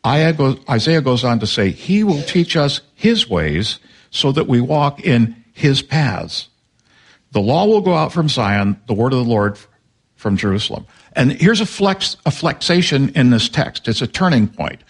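An older man delivering a sermon at a middle pitch. His preaching is conversational, slipping into quick asides and voicing little exchanges of dialogue. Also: husky. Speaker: pastor.

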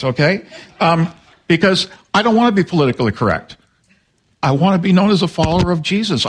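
An older male pastor preaching a sermon in a conversational way, with quick asides and acted-out dialogue. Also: on the high side.

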